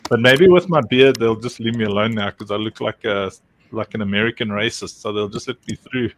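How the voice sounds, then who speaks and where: A man's voice: fairly low pitch, fairly quick, slight background noise. Joking South African man hosting a stream. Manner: joking, laughs often, rambling with many fillers. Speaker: livestream host. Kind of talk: casual chat.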